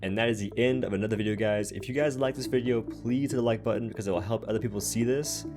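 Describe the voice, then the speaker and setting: Low-voiced man explaining game builds. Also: quick pace, music in the background. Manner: casual, steady step-by-step explaining. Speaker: gaming channel host. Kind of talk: game build guide voice-over.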